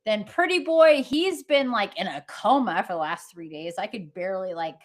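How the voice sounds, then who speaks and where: A woman's voice: mid-range voice, animated, moderate pace. A woman hosting a livestream, talking in a casual, rambling way full of fillers and restarts, and laughing easily. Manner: chatty, meandering, many fillers and restarts. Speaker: livestream host.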